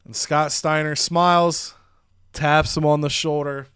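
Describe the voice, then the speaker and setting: A man's voice: a little high, measured pace, clean tone, no echo, studio quality. A man hosting a gaming channel, narrating the story of his wrestling game and acting out the characters. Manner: animated, acts out characters' lines.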